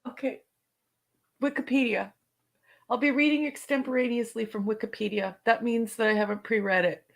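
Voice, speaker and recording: A woman with a fairly high voice co-hosts a livestream show. She chats easily, greets viewers, and reads notes aloud off the cuff. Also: fairly even intonation, moderate pace, creaky. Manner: chatty, warm greetings to viewers. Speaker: podcast co-host. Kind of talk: casual livestream chat, reading aloud.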